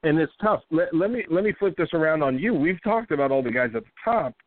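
A man hosting a casual sports talk podcast, talking emphatically and turning animated when he jokes. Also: fairly high pitch, fast talker, no echo. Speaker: podcast host. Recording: dry tinny phone-like audio.

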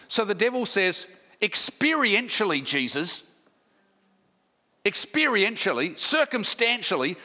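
A man's voice: sits high, pushed and bright. A man preaching a sermon, emphatic, building points with repeated lists and rhetorical questions. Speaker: pastor.

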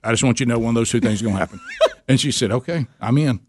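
A man's voice: mid-range voice, racing, a little mellow, slight background noise. A middle-aged man, hosting a radio talk show and telling a story, acting out the dialogue with big jumps in voice.

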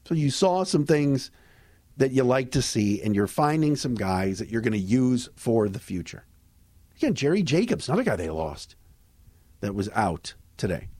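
A man hosting a sports podcast, giving a casual postgame recap in a lively, conversational way with fillers and restarts. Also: medium pitch, moderate pace, no room sound. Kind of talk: casual postgame recap and host-read ads.

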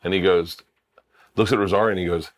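A middle-aged man, a comedian guest, telling rambling, excitable anecdotes in casual chat. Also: deep voice, quick pace.

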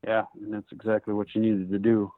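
Low-voiced male co-host on a dry, phone-like line, relaxed and full of advice. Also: brisk, dry recording. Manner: gives friendly advice. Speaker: podcast co-host. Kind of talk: casual chat.

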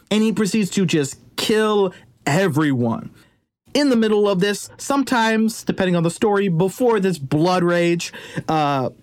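Chatty man telling a legend casually. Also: high-pitched. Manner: chatty and jokey, with slangy asides. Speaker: podcast host. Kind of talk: casual storytelling.

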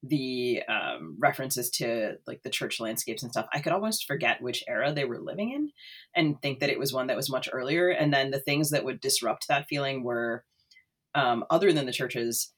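A woman co-hosting a casual book discussion, speaking thoughtfully with frequent pauses and fillers. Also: a bass voice, animated, breathy edge. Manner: thoughtful, hesitant, many fillers.

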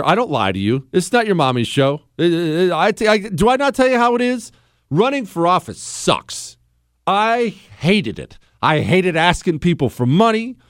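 A male talk radio host with a high, lively voice that swings up and down as he makes his case. He sounds blunt and emphatic, hammering points home by repeating them. The studio sound is close and dry, with no room around him. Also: clean tone, no room sound. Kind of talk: opinionated talk radio monologue.

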